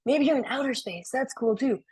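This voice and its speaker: A young woman yoga instructor leads a class in a high, darkish, slightly rough voice, speaking fairly quickly. She calls out breaths and poses in an upbeat, playful way while sounding a bit out of breath.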